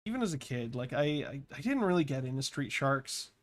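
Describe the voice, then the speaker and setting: A man's voice: mid-range voice, big pitch swings, a little fast. A man in his thirties, chatting casually while drawing pixel art, rambling and swearing freely. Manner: rambling, swears freely, laughs at own stories. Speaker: pixel artist and vlogger.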